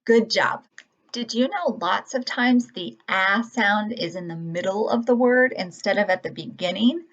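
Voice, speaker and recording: Woman, kindergarten phonics teacher, gentle, patient, very slow, muffled lo-fi audio. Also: mid-range voice. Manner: gentle, patient, drawn-out word modeling. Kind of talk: slow, clear phonics lesson for young children. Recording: dull lo-fi audio.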